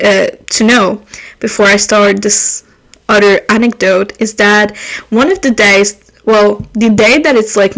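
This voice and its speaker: A young woman hosting her own podcast, whose first language is French, telling rambling, animated stories full of swearing and laughter. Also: a little high, rough recording. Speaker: podcast host. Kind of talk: casual storytelling monologue.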